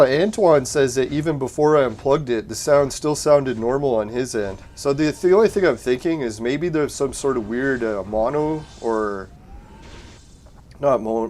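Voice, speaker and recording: A man's voice: medium pitch, darkish tone, a little hiss or hum. Guy streaming a game at home, laid-back, cussing and laughing, desk mic. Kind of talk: casual live-stream chat. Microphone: desk mic through a soundboard.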